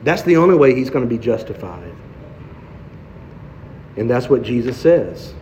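A male preacher gives an expository sermon, asking rhetorical questions and hammering points home through repetition. His mid-range voice is sing-song and a little mellow, moving at a moderate pace with long pauses. The sound is dull, with long hall reverb and a faint hiss or hum.

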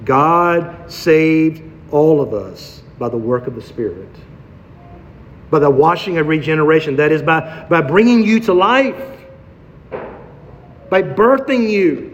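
High-voiced male preacher in a hall. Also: animated, slow pace, slight background noise. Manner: expository, rhetorical questions, emphatic repetition. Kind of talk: sermon. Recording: dull sound with long hall reverb.

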